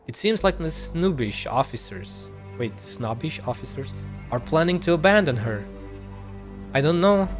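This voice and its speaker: Man reading game dialogue on stream. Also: medium pitch. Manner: reads lines aloud, stumbles and corrects himself.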